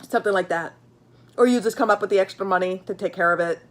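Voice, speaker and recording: A woman reads tarot cards to camera in a loose, chatty way. She is blunt and swears often, circles back on her words and fills gaps with "uh" and "you know". Her voice sits at an ordinary middle pitch. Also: fast. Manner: blunt, swears freely, many fillers; chatty, repeats herself while pulling cards. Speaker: tarot reader. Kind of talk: casual tarot reading.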